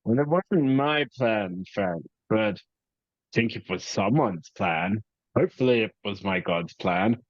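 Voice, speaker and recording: Figure: obsessive, brittle scholar woman, voiced by a man. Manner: slow, insistent, repetitive. Pitch: low. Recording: dry, slightly muffled. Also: lively intonation, no echo. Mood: curt. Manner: slow, insistent, repeating herself.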